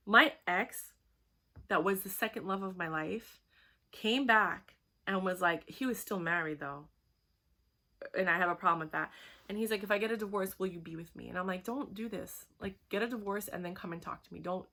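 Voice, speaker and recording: A young woman talking frankly in a chatty, animated personal vlog monologue. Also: lowish voice. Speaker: vlogger.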